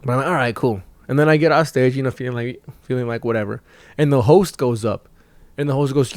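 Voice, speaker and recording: A young stand-up comic rambles through a story on his own podcast, cursing freely and getting animated when he quotes people. His voice sits at an ordinary pitch for a man. The sound is dry and close. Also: fast, no echo. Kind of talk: casual storytelling monologue.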